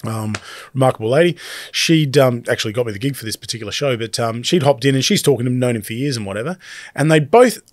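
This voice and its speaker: A middle-aged Australian man, a guest DJ, telling a story in a casual and animated way, swearing freely. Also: mid-range voice, fast talker, no echo.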